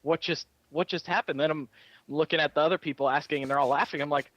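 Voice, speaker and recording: A man's voice: on the high side, fairly even intonation, fast talker, a bit bright, no echo, lo-fi sound. A man who works as a rides operator at a theme park, telling a story in casual chat and acting out the people he quotes. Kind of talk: casual chat while gaming.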